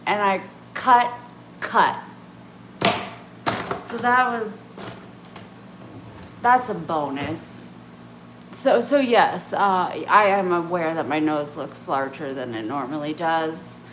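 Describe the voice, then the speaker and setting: A woman's voice: low voice, takes it slowly, pauses often, background noise. A woman vlogging in casual, rambling chat to camera, often breaking off and restarting, candid about herself. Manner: meandering, self-interrupting, candid. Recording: echoey room with faint ambience.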